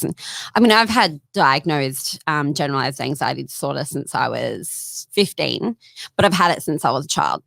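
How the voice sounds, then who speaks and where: A woman's voice: low voice, animated, moderate pace, gravelly, a bit bright, dry recording. A young woman guest talking casually in a studio interview, chatty with lots of fillers and laughs.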